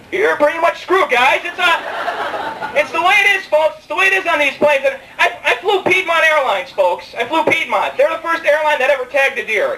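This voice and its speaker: In a club, a young man performs a rambling, self-mocking stand-up set and jokes with the crowd. His very high-pitched voice is pushed and bright, picked up by a distant mic with faint room ambience and a little hiss or hum.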